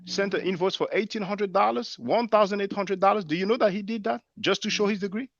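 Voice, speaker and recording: A man's voice: sits high, fast talker, fairly bright tone, dry recording, highs cut off. A man hosting a live online panel, pressing a caller with questions. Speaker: show host.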